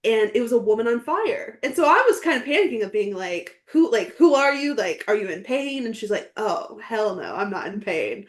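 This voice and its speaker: A woman's voice: fairly high pitch, very animated, moderate pace, hardly any pauses. A woman guest on a coaching podcast, speaking earnestly and emotionally, with frequent "like" fillers. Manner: earnest and heartfelt, many fillers like "like". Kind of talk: emotional casual interview chat.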